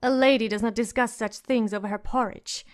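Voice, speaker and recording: A woman's voice: a little high, fairly even intonation, brisk, lightly acted. A woman reading an audiobook, voicing a strict older governess who scolds firmly. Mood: stern. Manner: scolding and firm.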